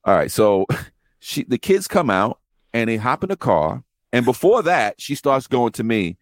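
Animated profane man telling driving stories. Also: mid-range voice, a little slow, no room sound, clean studio sound. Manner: animated, profane, acts out quoted voices. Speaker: podcast host telling rideshare driver stories. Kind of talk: casual storytelling chat.

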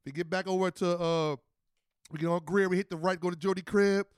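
High-voiced man spinning street stories. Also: brisk, clear, resonant tone, no room sound, clean studio sound. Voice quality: animated, acts out quotes. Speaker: podcast host. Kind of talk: casual storytelling.

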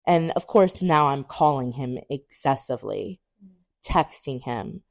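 Young woman on a podcast, low voice, dry close sound, candid storyteller who swears casually and acts out what people said. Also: a little slow, vocal fry, no room sound. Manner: animated, acts out quoted dialogue with big pitch jumps. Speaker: podcast co-host. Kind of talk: personal storytelling.

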